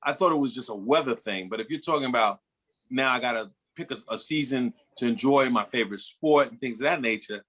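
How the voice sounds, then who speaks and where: A man's voice: medium pitch, a little fast, fairly bright tone. A man in a casual podcast chat, thinking aloud with hesitant restarts.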